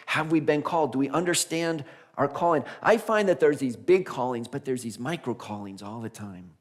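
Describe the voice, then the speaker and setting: A man minister preaching a conversational Sunday sermon, animated and laughing as he acts out the voices of figures in his stories. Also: mid-range voice. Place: church sanctuary.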